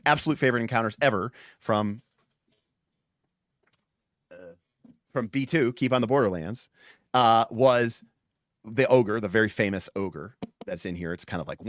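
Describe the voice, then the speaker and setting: A man hosting a livestream in casual chat. He talks in an animated, rambling way full of restarts and fillers. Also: on the low side, moderate pace, no echo, studio quality. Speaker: livestream host.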